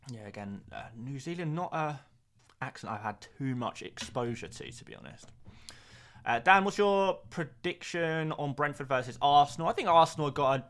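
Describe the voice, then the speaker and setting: A man's voice: medium pitch, a bit bright. A man streaming live, reading out viewer comments and chatting back in a casual, joking way with plenty of fillers. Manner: reads out viewer comments and chats back jokily; chatty, with frequent fillers and laughs. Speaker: fantasy football streamer.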